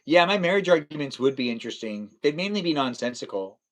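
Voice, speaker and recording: A man's voice: fairly high pitch, very animated, fast, a bit bright. A young man live streaming, chatting casually and teasing his viewers as he reads their comments, laughing often. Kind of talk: casual livestream chat reading viewer comments.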